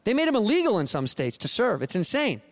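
A man's voice: sits high, wildly swooping pitch, fast. A man in his late thirties doing a profane, mock-outraged stand-up rant in a live venue. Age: late 30s. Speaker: stand-up comedian. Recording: noisy live room ambience.

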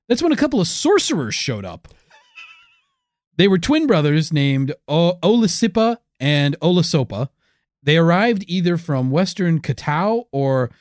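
A man's voice: a little high, a little mellow, dry recording, studio quality. A man co-hosting a comedic history podcast, telling the story with wry, teasing asides. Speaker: podcast co-host.

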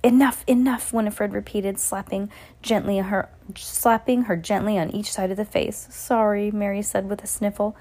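A woman's voice: mid-range voice, flat delivery, normal speed, a little mellow. A woman hosting a kids' reading podcast, reading a storybook aloud with playful asides to a child. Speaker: podcast host reading to kids.

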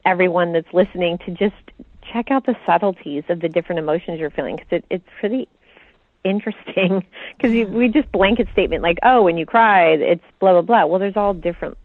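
A woman's voice: fairly low pitch, a little fast, dry recording. A woman co-hosting a spiritual podcast, talking reflectively and laughing lightly. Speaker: podcast co-host, channeler. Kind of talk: casual spiritual chat. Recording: tinny phone-like line, dry.

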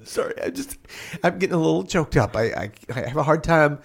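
A man playing an earnest, awkward podcast host in hell, hesitant and quick to get choked up, in an improvised comedy podcast. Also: medium pitch, expressive, vocal fry.

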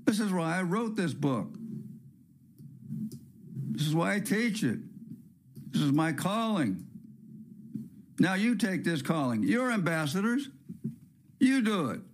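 A man's voice: sits high, big pitch swings, slow, pauses often, a little hiss or hum. A man hosting a podcast, preaching in a fervent, emphatic monologue with repeated phrases and joking asides. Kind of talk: impassioned sermon-style monologue.

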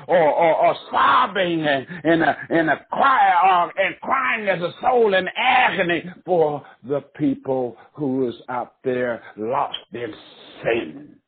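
A man's voice: a little high, breathy edge. A man preaching a sermon with passion, rising into cries and chanted repetition. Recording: tinny phone-line sound.

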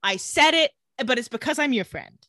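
A woman's voice: sits high, normal speed, no room sound. A young woman co-hosting a podcast, chatting casually and acting out characters' lines as she retells scenes. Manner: animated, acts out characters' lines while retelling. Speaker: podcast co-host recapping a TV show. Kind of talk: casual chat.

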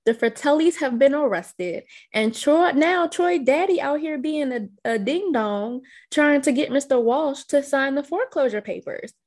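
A woman with a fairly high voice co-hosts a casual movie podcast. She walks through scenes one by one and drops playful jokes along the way. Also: animated, normal speed, hardly any pauses, darkish tone. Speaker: podcast co-host. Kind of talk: casual movie recap chat.

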